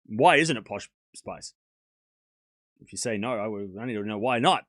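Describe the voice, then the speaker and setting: Lively, joking male streamer. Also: on the low side, normal speed, no echo, studio quality. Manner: chatty, joking, laughs often, argues playfully with chat. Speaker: streamer hosting a tennis watchalong. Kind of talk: casual live play-by-play and chat banter.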